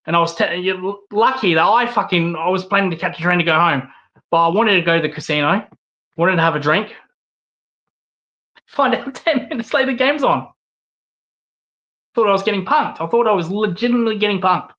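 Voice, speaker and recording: A man's voice: sits high, quick pace, sharp tone, highs cut off. A man with an Australian accent hosting his own channel, ranting angrily with lots of swearing and repeated phrases. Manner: profane, repetitive ranting. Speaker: host. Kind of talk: angry rant vlog.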